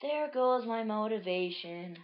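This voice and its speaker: A woman's voice: expressive, measured pace, lo-fi sound. Woman doing a whiny, cocky comic-book girl. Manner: high, whiny put-on voice.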